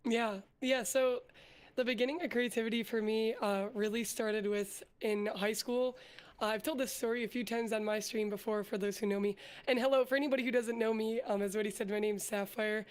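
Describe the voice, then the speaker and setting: A young woman with a hoarse voice from being sick, chatting as a guest in an interview and telling her story in an upbeat, rambling way. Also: a little high, steady tone, brisk. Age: young adult. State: hoarse from illness. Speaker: guest vtuber. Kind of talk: casual interview chat.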